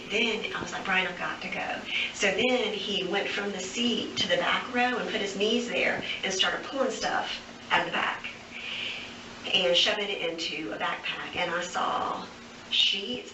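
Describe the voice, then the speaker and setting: A woman giving a recorded statement to police, rambling on without pause and full of fillers. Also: on the low side. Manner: rambling nonstop, many fillers. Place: police interview room. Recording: echoey, distant, noisy interview room recording.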